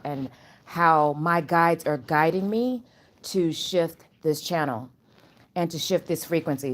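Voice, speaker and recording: A woman chatting at home in a casual spiritual vlog, animated and rambling, with loose slangy talk. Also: fairly low pitch. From Chicago area. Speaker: channel host.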